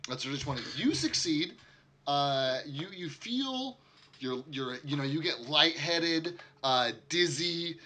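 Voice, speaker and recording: A man narrating as game master of a tabletop game, relaxed and chatty as he describes the scene. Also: on the high side, a little slow.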